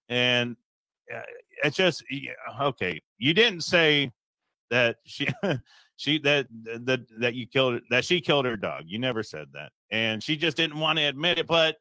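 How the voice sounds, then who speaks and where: A man's voice: medium pitch, pushed and bright, dry recording. A man hosting a live stream in casual chat, stammering, rambling and apologizing a lot.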